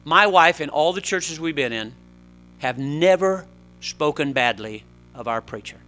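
A middle-aged male preacher with a forceful, bright voice that sits a little high. He delivers a sermon, pressing hard on his points and then dropping into quieter, confiding asides. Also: expressive, unhurried. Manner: forceful preaching, swinging between loud exhortation and quieter asides.

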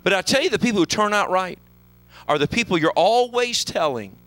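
A man preaching a sermon as pastor of a church, swinging from hushed low lines to loud shouted peaks. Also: expressive, a little fast, no echo, poor audio. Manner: fervent preaching, sweeping from hushed lows to shouted highs. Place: church sanctuary.

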